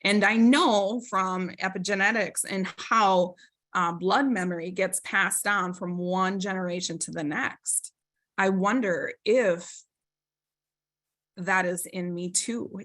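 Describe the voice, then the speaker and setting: A woman's voice: medium pitch, fairly even intonation, a little slow, a bit bright. A woman presenting a webinar, telling a personal story in an earnest, reflective way, with many fillers and tag questions. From Minnesota. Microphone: video call microphone.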